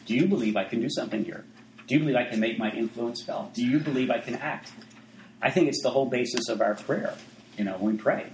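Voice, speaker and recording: A man gives a sermon in an easygoing, conversational way, often breaking off into asides and restarting his sentences. His voice sits at an ordinary pitch. The room around him rings with echo. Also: quick pace, slight background noise. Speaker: preacher.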